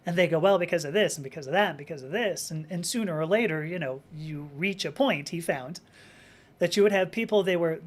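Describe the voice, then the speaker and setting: A woman talking on her live stream in a loose, rambling way. She restarts her sentences often, gets animated, and slips into quick acted-out voices when she quotes people. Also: fairly low pitch. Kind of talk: live-stream talk reading viewer comments.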